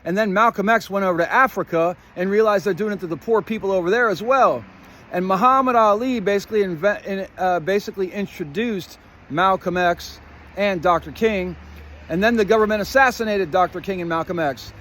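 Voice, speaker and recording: A man's voice: sits high, fairly quick, a bit bright. A man delivering a rambling, profanity-laced conspiratorial monologue as a vlogger, jumping between topics and playing on words while speaking straight to his viewers. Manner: profane, swears often; addresses viewers directly with "guess what" and "you get it".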